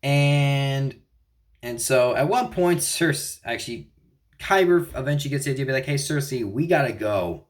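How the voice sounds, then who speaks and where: A young man giving a casual spoken review of a TV episode, rambling with frequent restarts and self-corrections. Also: medium pitch. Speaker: video reviewer. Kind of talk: casual TV show recap and opinion.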